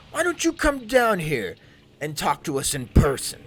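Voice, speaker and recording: A man voicing a large, gruff male bugbear who shouts wary questions. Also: high-pitched, huge pitch swings, unhurried, slight background noise, voice pushed up, heavily acted. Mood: coaxing.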